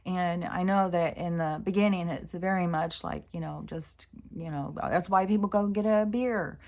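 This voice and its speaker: A woman's voice: fairly low pitch, steady tone, moderate pace, darkish tone. A middle-aged woman vlogging about her spiritual healing, talking in an earnest, meandering way with many fillers. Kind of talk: rambling personal reflection.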